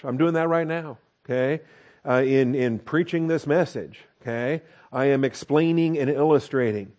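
A man's voice: medium pitch, a little mellow. Man preaching, repeating key points. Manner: explanatory, repeats key points, frequent checking "all right?". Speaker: pastor teaching scripture. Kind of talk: expository sermon on Greek grammar.

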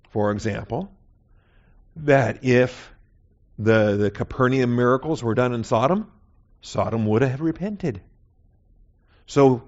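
A man's voice: medium pitch, lo-fi sound. A man teaching a Bible class in a conversational sermon style, often checking in with "okay?". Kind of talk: sermon lecture.

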